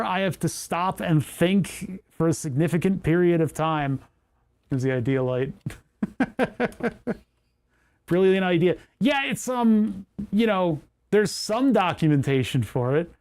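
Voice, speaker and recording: Dude rambling on his stream while fixing stuff, kinda high voice, keeps roasting himself. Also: expressive, slow pace, darkish tone. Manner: rambling, self-mocking, thinking aloud. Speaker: livestream host. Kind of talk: casual livestream chat while repairing electronics.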